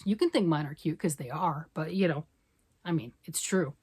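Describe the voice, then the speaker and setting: A woman's voice: low voice, normal speed, darkish tone, slightly rough. An older woman, a grandmother, chatting casually and rambling a bit as she shows her knitting project. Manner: chatty, rambling, self-deprecating. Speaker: knitting vlogger.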